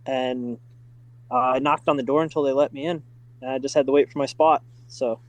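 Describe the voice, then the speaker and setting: A middle-aged man telling stories in a casual podcast chat, full of fillers and excitement. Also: mid-range voice, a little fast, no room sound, low-quality recording. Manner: enthusiastic, many fillers like "like" and "uh". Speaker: podcast guest, driving school staff. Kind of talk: casual storytelling.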